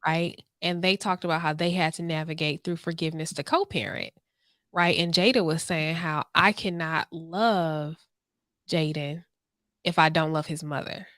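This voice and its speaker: A woman co-hosting a podcast retells stories with gusto and acts out the people she quotes. Her voice is bright and forceful, and the recording is dry and close. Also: deep voice, moderate pace, dry recording. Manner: animated storyteller, acts out quotes. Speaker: podcast co-host. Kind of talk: casual chat.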